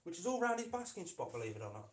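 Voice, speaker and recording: A man's voice: fairly high pitch, sing-song, very fast. A man hosts a casual live stream, chatting fondly to his pet lizard and calling it "mate" while he works on its enclosure indoors. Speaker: reptile keeper and channel host. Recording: echoey room with faint noise.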